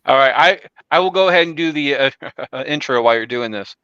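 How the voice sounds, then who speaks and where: Man, podcast host, bright tense voice, dry lo-fi sound, rambling. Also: mid-range voice, a little fast, smooth, no echo. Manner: rambling, many fillers and restarts. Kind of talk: casual chat.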